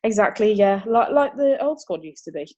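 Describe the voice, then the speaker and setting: A young woman, chatting as an interview guest, upbeat and quick to laugh. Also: medium pitch, lively intonation, darkish tone, lo-fi sound. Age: 20s. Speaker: martial arts competitor, interview guest. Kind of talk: casual interview chat.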